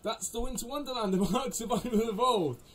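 A man hosting a gaming channel, giving let's play commentary, excitable, yelping and laughing and talking to the characters on screen. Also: extremely high pitch, a little fast, slight background noise, low-quality recording. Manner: excitable, yelps and laughs often; talks to the game characters.

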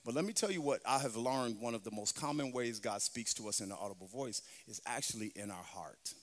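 A man preaching a sermon as pastor, moving between chanted, shouted passages and quiet, close teaching. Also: mid-range voice, a little fast. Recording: long reverb of a large hall.

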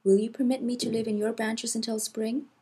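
A woman's voice: a little high, flat delivery, brisk, mellow, slightly rough, voice pushed up. A woman voicing a polite little bird with a broken wing. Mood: pleading. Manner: polite, pleading.

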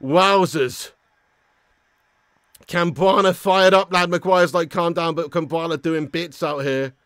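High bright-voiced football fan. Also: male voice, slow, no room sound, clean studio sound. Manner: excitable, swearing, laughing fan. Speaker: football watch-along host. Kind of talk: live fan commentary.

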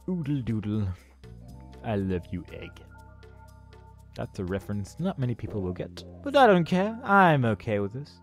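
A man narrating his playthrough of a video game with dry sarcasm, often breaking into hummed tunes and silly made-up songs. His voice swings widely up and down in pitch. Faint game music plays behind him. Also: very animated, moderate pace, pauses often. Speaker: game commentator. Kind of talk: let's play commentary.

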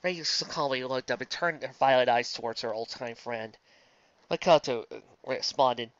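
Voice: medium pitch, normal speed, dull audio. A fanfiction reader from the Southern United States, reading a story aloud with sarcastic, exasperated asides. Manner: sarcastic, exasperated, jumps between reading and ranting.

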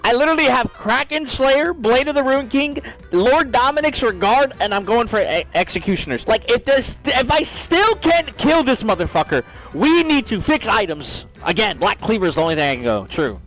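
Ranting young male streamer, wildly swinging pitch. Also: animated, moderate pace, a bit bright, poor audio. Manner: frustrated, swearing, ranting at teammates; swings from low mutters to shrieking outbursts. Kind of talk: live gameplay commentary. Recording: faint music behind.

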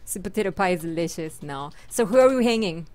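A woman's voice: on the low side, animated, fast. Giggly woman chatting over a game. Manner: chatty, giggly, thinking out loud. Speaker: gaming channel host. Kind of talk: casual let's-play chat.

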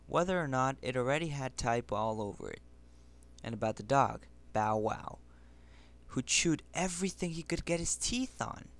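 A man reading a children's novel aloud in an amateur audiobook, with plain, earnest storytelling. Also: mid-range voice. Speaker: reader.

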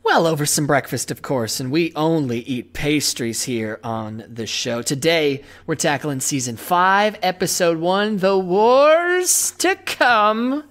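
A woman's voice: deep voice, expressive. A woman hosting a casual podcast, chatty and prone to laughing. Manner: chatty, slow, laughs often. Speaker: podcast host. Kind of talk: casual chat.

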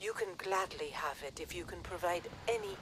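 A woman voicing a sorrowful robot nanny with a French accent, soft and pleading in a video game. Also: fairly low pitch, lively intonation, brisk, rough recording.

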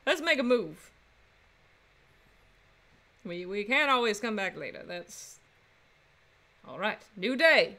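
A woman's voice: medium pitch, big pitch swings, slow, pauses often, bright, forceful tone. A woman streaming a story game, chatting casually with playful, laughing asides.

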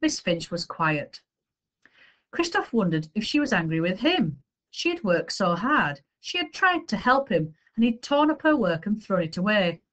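A woman reading a children's chapter book aloud with expressive storytelling. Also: medium pitch, normal speed. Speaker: story reader.

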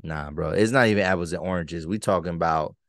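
A man's voice: deep voice, fast, a bit bright, no echo, studio quality. A man hosting a podcast in casual solo commentary, emphatic and choppy, often repeating words as he gets worked up. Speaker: podcast host.

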